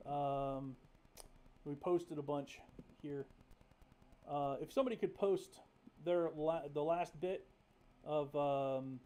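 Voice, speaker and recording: A young man from North Carolina hosts a casual livestream, speaking candidly and profanely with plenty of fillers. His voice is a little high and warm in tone.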